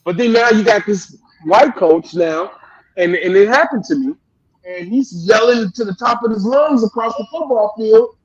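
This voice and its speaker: A man's voice: sits high, normal speed, slightly rough, lo-fi sound. A man in his late thirties, a youth coach, talking animatedly and rambling with lots of restarts in a casual interview. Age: 30s. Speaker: youth football coach, guest.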